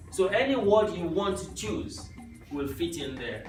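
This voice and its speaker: Speaking at a measured pace in a high, sing-song voice, this teacher patiently leads a youth language class through simple phrases, often adding "right?" The recording sounds echoey, with the mic far away and music playing behind him.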